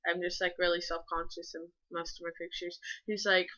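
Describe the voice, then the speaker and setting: Her voice is lowish and flat, a little fast, pushed and bright, with the highs cut off in the audio. She's a teenage vlogger gushing and rambling to viewers, with lots of filler words and an occasional swear.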